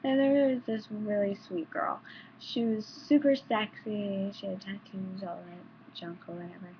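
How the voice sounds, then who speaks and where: A woman's voice: medium pitch, fairly even intonation, unhurried, slight background noise. A young woman vlogger telling stories in a rambling, casual way, with restarts and some swearing, in a dull lo-fi home recording. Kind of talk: casual storytelling.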